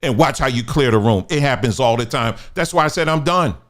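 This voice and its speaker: Speaking a little fast in a mid-range, fairly bright and expressive voice, this man delivers a ranting online commentary. Rhetorical questions pile up as he stumbles over repeated words pushing his argument.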